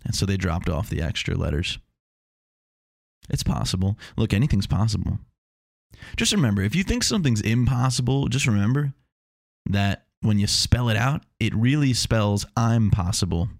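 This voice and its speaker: A man's voice: on the low side, big pitch swings, normal speed, gravelly, dry recording, studio quality. A man hosting a casual solo talk, rambling and self-mocking with meandering asides.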